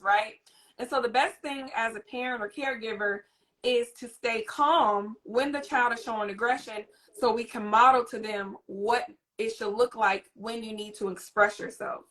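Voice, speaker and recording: Woman host giving parenting tips, kinda high voice, animated and teacherly. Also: moderate pace. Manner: animated, teacherly, demonstrates a soothing voice. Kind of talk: live interview chat.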